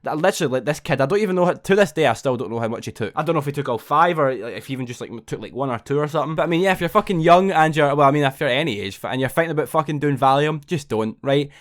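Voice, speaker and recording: Fast-talking young man, swearing a lot. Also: a little high. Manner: rambling, swears constantly, ends phrases with "right?". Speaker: vlogger. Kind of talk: casual storytelling to camera.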